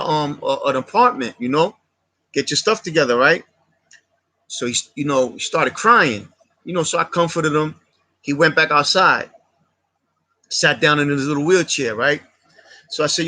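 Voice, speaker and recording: A man tells a long personal story to his viewers, looping back over details and dropping slang as he goes. His voice sits a bit high for a man and sounds bright and forward. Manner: street slang, repetitive and heartfelt. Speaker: channel host. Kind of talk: casual livestream storytelling.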